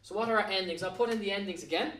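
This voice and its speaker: An Irish man with a high voice teaches a grammar lesson, spelling words out letter by letter and coaxing his students to keep up. He sounds a little distant from the mic. The classroom gives his voice a roomy echo. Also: very fast, fairly bright tone. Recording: echoey room, mic at a distance.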